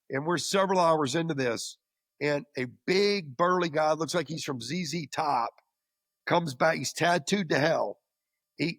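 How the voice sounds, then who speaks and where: A man's voice: fairly high pitch, fairly bright tone, no room sound, studio quality. A man as an interview guest, recounting a story in a casual, anecdotal way and often repeating words as he goes. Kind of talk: storytelling in conversation.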